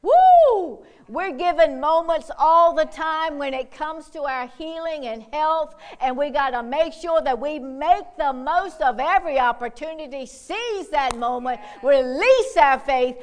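A woman preaching a sermon with fervor, whooping and calling out hallelujahs, swinging from quiet asides to loud, bold exhortation. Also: high voice, unhurried, hardly any pauses. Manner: fervent, punctuated by whoops and hallelujahs.

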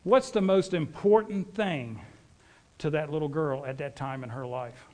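Folksy preacher, rather high voice. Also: male voice, measured pace, a little mellow. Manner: folksy, rambling storyteller. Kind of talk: sermon with storytelling.

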